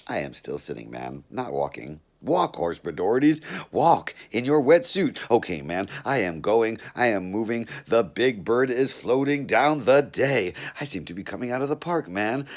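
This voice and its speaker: A man reading a novel aloud in a laid-back first-person drawl, tacking 'man' onto his phrases. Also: fairly low pitch. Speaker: reader.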